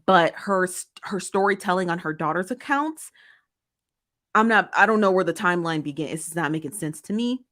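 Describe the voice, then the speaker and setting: Lady host riffing on comments, lowish voice, keeps saying okay? right?. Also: expressive, normal speed, fairly bright tone. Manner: emphatic, repeats points, checks in with "okay?" and "right?". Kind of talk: casual commentary reading viewer comments.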